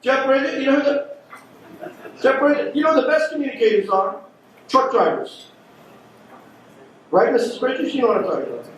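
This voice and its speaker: A man doing a brash stand-up comedy set, working the crowd between rapid punchlines. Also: very high-pitched. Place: comedy club stage. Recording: echoey club recorded from a distance. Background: audience laughter.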